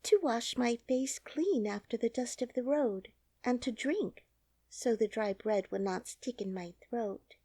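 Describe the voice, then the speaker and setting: Storybook girl, young and polite, played by a woman: high, breathy, lively delivery, dry booth sound. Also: unhurried, dry recording. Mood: earnest. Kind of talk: audiobook character reading.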